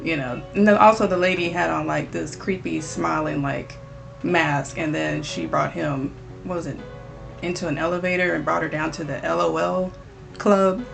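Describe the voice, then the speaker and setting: Gravelly-voiced woman hesitantly recapping anime. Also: low-pitched, fairly even intonation, moderate pace, soft background music. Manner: hesitant, filler-heavy retelling. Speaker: co-host. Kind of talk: casual recap chat.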